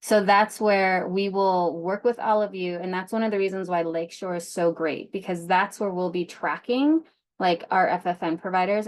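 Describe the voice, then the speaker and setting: Casual woman presenting a grant session. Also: on the low side. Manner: casual, many "like" and "um" fillers. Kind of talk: informational session, conversational.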